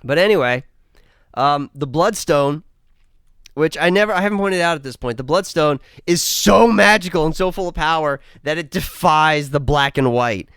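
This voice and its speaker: A man's voice: fairly high pitch, normal speed, a bit bright, clear, resonant tone, no echo, clean studio sound. A man giving a casual, rambling film review, sarcastic and swearing freely as he recaps the plot.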